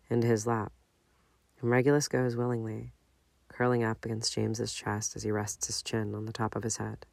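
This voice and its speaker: Gravelly male audiobook narrator. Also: lowish voice, a little mellow, no echo. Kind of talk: audiobook reading of fan fiction.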